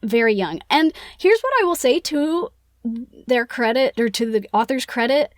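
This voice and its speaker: A woman's voice: on the high side, expressive, normal speed, dry recording, studio quality. A woman co-hosting a casual book-club podcast, retelling a plot in a chatty, playful way with lots of "like". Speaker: podcast co-host.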